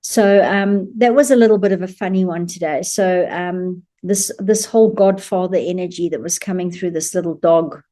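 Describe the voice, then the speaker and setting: A woman's voice: on the low side, normal speed, few pauses, dark tone. A woman who works as an animal communicator, telling a story to camera in a chatty, amused way with frequent laughter.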